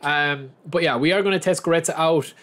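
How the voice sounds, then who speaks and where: A man's voice: fairly high pitch, fairly quick, fairly bright tone. A young man giving casual, chatty commentary on a football video game, often calling his viewers lads. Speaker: gaming channel host.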